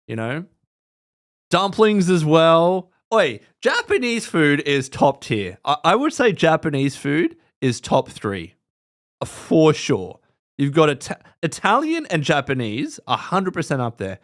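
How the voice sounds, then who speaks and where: Animated Australian man chatting on a stream. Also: a little high. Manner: rambling, chatty, swears casually, reacts to chat. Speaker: live stream host. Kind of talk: casual chat with live viewers.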